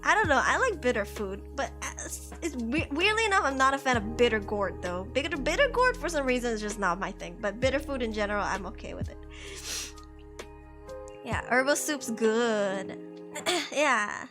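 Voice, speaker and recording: A woman's voice: fairly high pitch, very animated, normal speed, over music. A young woman streamer in her twenties chatting casually into a headset, slangy, laughing often. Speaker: VTuber streamer. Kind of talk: casual chat.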